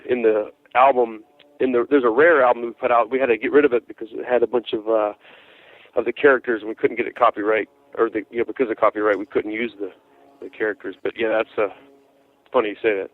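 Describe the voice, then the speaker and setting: Animated man on a tinny phone line. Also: fairly low pitch, no room sound. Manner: animated storyteller, many restarts. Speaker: guest musician, drummer. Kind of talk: casual interview chat.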